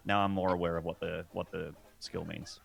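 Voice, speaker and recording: Low gravelly guy joking around in a tabletop game, light music behind. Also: level tone, a little fast. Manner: playful, joking banter. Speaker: player. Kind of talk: casual tabletop game chat.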